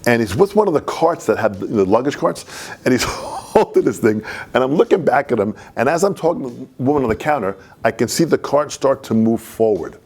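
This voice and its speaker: A man telling a personal anecdote in an animated way, laughing as he goes. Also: medium pitch, a little fast, slightly rough. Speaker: storyteller.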